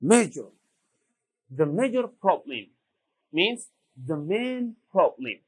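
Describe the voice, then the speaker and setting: Slow, deliberate man teaching English. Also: on the high side, big pitch swings, slightly rough, poor audio. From Sudan. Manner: repeats each word slowly and deliberately. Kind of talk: slow classroom vocabulary lesson.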